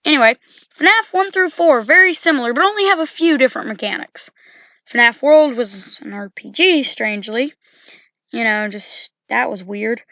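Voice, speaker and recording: Bright-voiced woman rambling about games. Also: on the high side, dry recording, dull audio. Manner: rambling, full of "you know" and self-corrections. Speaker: video game commentator. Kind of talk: casual game commentary.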